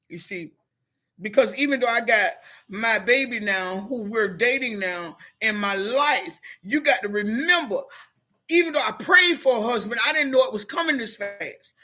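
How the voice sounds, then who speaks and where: A woman's voice: on the high side, animated, measured pace, bright, forceful tone. A middle-aged woman and motivational speaker, telling her story on a live stream and speaking straight to viewers in a heartfelt, preachy way. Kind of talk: emotional live-stream testimony.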